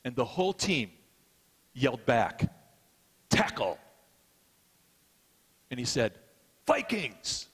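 A man's voice: mid-range voice, expressive, normal speed, pauses often, slightly rough. A middle-aged man preaching a sermon in a conversational storytelling way, with self-deprecating asides. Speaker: pastor. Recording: long hall reverb.

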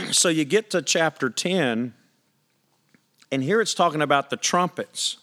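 A man preaching a sermon, his voice sitting a little above the usual male pitch. He talks to the congregation conversationally, reading scripture aloud and pressing his points with emphatic questions. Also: lively intonation, a little slow, bright, forceful tone. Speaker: pastor.

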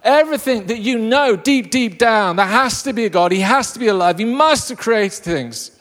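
A man preaching a lively, jokey sermon to a live congregation. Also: sits high, moderate pace. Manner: enthusiastic, jokey storyteller. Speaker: pastor. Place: church hall with a live congregation. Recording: long reverb of a large hall.

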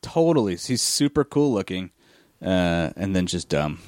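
A man co-hosting a casual podcast chat, reviewing comics in an animated, critical way with plenty of fillers and restarts. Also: low voice, a little slow, no echo, studio quality. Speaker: podcast co-host.

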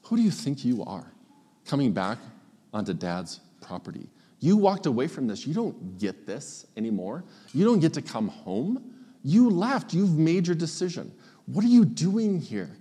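A man's voice: on the high side, sing-song, moderate pace, mellow, slightly rough, long reverb tail, voice pushed up. A man acting out a resentful older brother in a sermon, in heated, accusing outbursts and pleading speech. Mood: furious, accusing.

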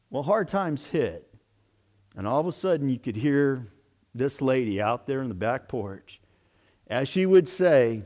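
A man's voice: a little high, animated, moderate pace. A man, a pastor, delivering a sermon with dramatic storytelling.

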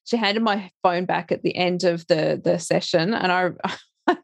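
This middle-aged woman, a life coach appearing as an interview guest, has a lowish, unhurried voice with vocal fry and no room sound. She chats casually, laughs often, and keeps restarting her sentences.

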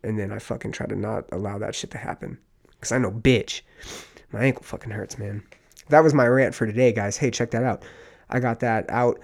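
A man's voice: on the low side, fairly even intonation, brisk, gravelly. A man hosting a solo podcast, ranting in a rambling, profane, fired-up casual way. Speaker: podcast host.

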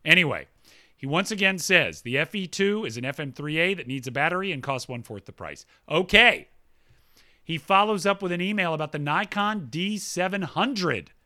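A man co-hosting a relaxed chat show reads listener mail aloud, breaking in with quick asides of his own. His voice sits a little high and sounds bright and forceful, and his pitch rises and falls a lot, giving him an animated sound.

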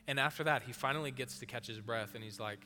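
A man preaching a sermon, telling the story in a casual, animated way and acting out the people in it. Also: medium pitch, fast talker. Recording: long hall reverb with faint music.

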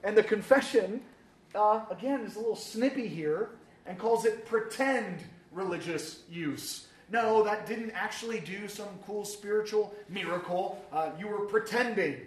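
A man teaching a casual sermon in a church, lively and joking, with many fillers and questions to the room. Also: high-pitched, unhurried, echoey room.

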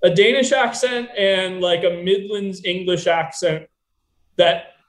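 A man's voice: sits high, takes it slowly, reverberant. An American man chatting casually about a film, loose and full of fillers and asides. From United States.

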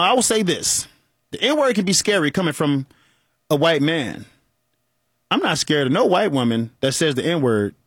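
A man's voice: on the high side, slightly rough, no echo, studio quality. A man, hosting a call-in talk show and joking and laughing as he talks. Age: 40s. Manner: animated, joking, laughs often. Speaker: radio show host.

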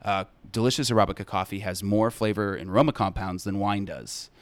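A man's voice: lowish voice, a little fast. A man chatting casually on a podcast, explaining at length with plenty of fillers and enthusiasm. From United States. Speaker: brand representative guest.

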